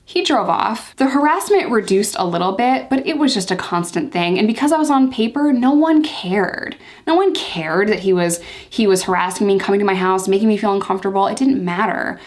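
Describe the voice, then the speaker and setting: A woman's voice: mid-range voice, moderate pace. A young woman in a casual story-time vlog, talking candidly and emphatically and repeating herself for emphasis. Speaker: vlogger telling her life story.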